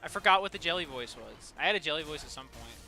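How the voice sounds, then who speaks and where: A man's voice: fairly high pitch, lively intonation, quick pace, gravelly, bright, forceful tone, faint music behind. A man streaming a video game, casually chatting with viewers, swearing and laughing often. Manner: swears a lot, laughs often, banters with chat. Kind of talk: casual gaming stream chat.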